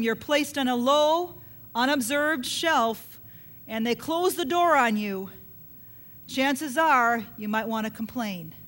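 A woman's voice: high-pitched, a bit bright. A woman preaching a sermon, emphatic and repetitive, often putting questions to her listeners.

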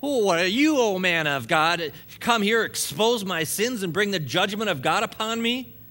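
A man's voice: high voice, animated, moderate pace, bright, forceful tone. A man voicing a grieving widow who bitterly accuses a prophet, in a raised, bitter tone. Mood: accusing.

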